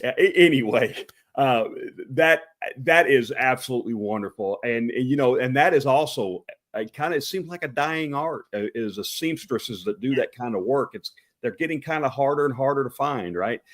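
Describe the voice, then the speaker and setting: A man with an East Texas drawl hosts a casual live chat show. His voice sits in an ordinary middle pitch, and he rambles along with plenty of uhs and restarts. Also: lively intonation, normal speed. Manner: rambling, many fillers and restarts. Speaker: host.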